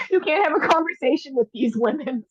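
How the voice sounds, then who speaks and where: A woman's voice: sits high, very animated, a little slow, dry recording. Sarcastic woman podcast co-host, slightly dull sound. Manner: sarcastic, storytelling with blunt cursing. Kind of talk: casual chat.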